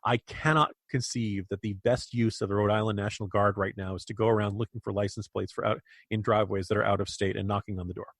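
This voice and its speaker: A man's voice: lowish voice, level tone, fast, hardly any pauses, no echo, studio quality. An American man co-hosting a political podcast, speaking emphatically and indignantly with frequent restarts. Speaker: podcast co-host. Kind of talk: political commentary.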